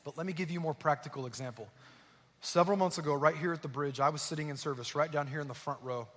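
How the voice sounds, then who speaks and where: A man's voice: fairly high pitch, fast, fairly bright tone. Male preacher in a reverberant hall. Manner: storytelling, acting out quoted voices with rising intensity. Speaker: pastor. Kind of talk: sermon. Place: church auditorium. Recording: long reverb in a large hall.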